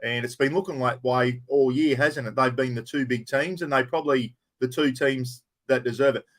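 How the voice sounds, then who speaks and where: A man's voice: mid-range voice, fairly even intonation, moderate pace. A middle-aged man with an Australian accent, hosting a casual live chat, greeting viewers by name and swearing in an easy way. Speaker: livestream host. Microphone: plugged-in microphone.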